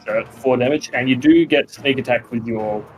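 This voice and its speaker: An Australian man narrating a tabletop game as game master, with a loose, relaxed delivery full of fillers. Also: medium pitch, moderate pace, soft background music. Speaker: dungeon master. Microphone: podcast microphone.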